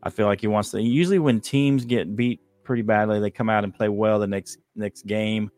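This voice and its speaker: A man's voice: on the low side, a little fast, no echo, soft background music. Host, male, casual sports talk, easygoing, dry close mic. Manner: relaxed, filler-heavy, laughs easily.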